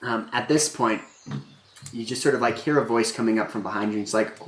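Relaxed male game master who narrates loosely, in an echoey room. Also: on the low side, brisk. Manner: relaxed, filler-heavy narration.

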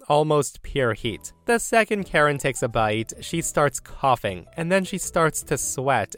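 Male podcast host, middle pitch, smooth voice, animated Reddit storyteller. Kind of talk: reading Reddit stories aloud. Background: faint background music.

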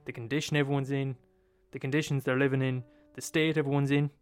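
A man's voice: medium pitch, level tone, fast talker, clear, resonant tone, soft background music. A man with an Irish accent retelling a story in a casual, profane, repetitive, conversational way.

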